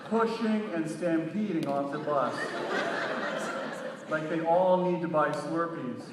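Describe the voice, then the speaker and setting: Guy reading a story out loud in a big echoey hall, kinda high voice, mic far off. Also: slow, background noise. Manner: animated, breaks into shouted sing-song quotes and laughter. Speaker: reader. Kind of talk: live reading of a short story.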